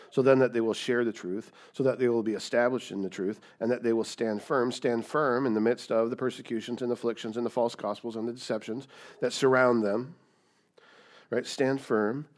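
A man's voice: mid-range voice, a little mellow. A man preaching a sermon, emphatic, asking rhetorical questions and repeating key words. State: coughing, dry throat. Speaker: pastor.

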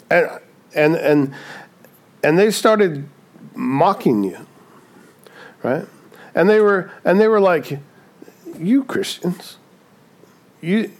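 Pastor, male, slightly high voice, chatty preaching with rhetorical tags. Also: a little mellow. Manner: acts out quoted voices. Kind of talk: sermon.

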